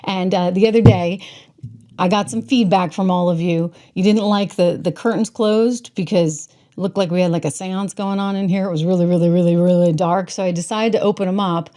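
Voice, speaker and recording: Woman host ranting on her show, warm voice, heavy emphasis, indoors. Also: fairly low pitch. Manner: emphatic and indignant, drawn-out stressed words. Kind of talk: political commentary monologue. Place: indoor room with windows.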